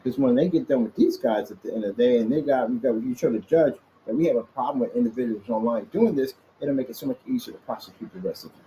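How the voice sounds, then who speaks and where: A man talking straight into the camera in his office with a lively voice that swings up and down, rambling and combative as he taunts his critics. His tone is mellow and dark, and there is a faint hiss of background noise behind him. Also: mid-range voice, fast talker, few pauses, poor audio. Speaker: small business owner vlogging. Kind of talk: casual off-the-cuff vlog rant. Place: office indoors.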